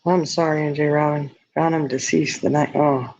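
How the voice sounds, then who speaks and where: A man's voice: fairly high pitch, flat delivery, normal speed, gravelly, a little mellow. Blunt man on a lo-fi stream. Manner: blunt, candid, laughs at own remarks. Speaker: livestream host reading viewer comments. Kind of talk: casual livestream chat. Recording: dull lo-fi stream audio.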